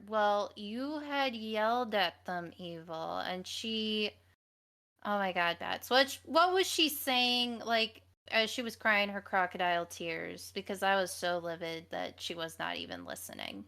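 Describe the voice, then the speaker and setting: A woman's voice: mid-range voice, expressive, a little slow, pushed and bright. A woman in a casual group podcast chat, talking heatedly and bluntly and swearing freely.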